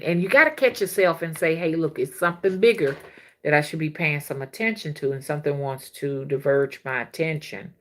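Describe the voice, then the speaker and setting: A woman's voice: deep voice, a little fast. A woman, hosting a casual livestream as a spiritual reader and chatting with viewers. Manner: chatty, laughs often, slangy and animated.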